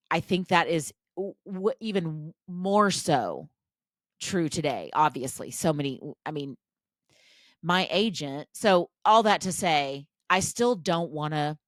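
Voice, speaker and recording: A woman's voice: deep voice, takes it slowly, fairly bright tone, no echo, clean studio sound. A woman hosting a podcast, talking in a casual, chatty, self-deprecating monologue full of restarts and asides. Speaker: podcast host.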